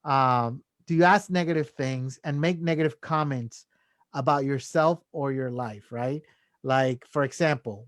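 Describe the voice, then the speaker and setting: This podcast guest has a fairly high voice and talks at a normal speed, recorded with studio quality and no room sound. He offers earnest self-help advice casually, chuckling between points and leaning on filler tags like "right?" and "you know."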